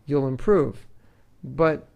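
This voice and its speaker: A man with a deeply gravelly voice gives a relaxed, conversational devotional talk. His tone is dark and mellow, and he teaches through everyday examples and light jokes. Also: takes it slowly. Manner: conversational, joking, uses homely examples. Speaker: spiritual teacher.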